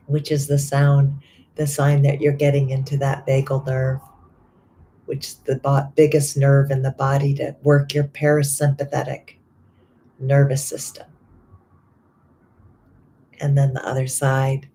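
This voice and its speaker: Woman, middle-aged, life coach, guided affirmations, dark mellow voice, slow soothing delivery. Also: a bass voice, completely flat delivery. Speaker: life coach and yoga teacher.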